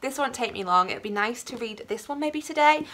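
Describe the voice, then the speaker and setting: Gushing bright-voiced young woman. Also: on the high side, animated, fairly quick. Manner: gushing, effusive and rambly. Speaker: booktuber. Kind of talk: casual vlog chat.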